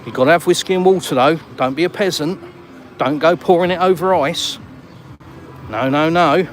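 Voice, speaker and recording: Cheeky English bloke on a stroll. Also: male voice, on the high side, moderate pace, a little hiss or hum. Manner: cheeky, bantering, slangy. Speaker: vlogger. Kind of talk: casual walk-and-talk vlog. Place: outdoors on an urban seafront street.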